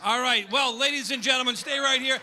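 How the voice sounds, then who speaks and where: A man hosting a late night talk show, announcing loudly and upbeat. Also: very high-pitched, a little fast. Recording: live studio with crowd and music.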